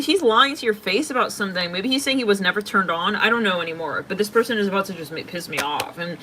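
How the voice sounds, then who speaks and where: A woman reading tarot cards for her audience in a loose, chatty way. Her voice is bright and forceful, and she is blunt and openly exasperated, with plenty of swearing thrown in. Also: mid-range voice, expressive, fast talker, few pauses, slight background noise. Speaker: tarot reader. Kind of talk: casual tarot reading to camera.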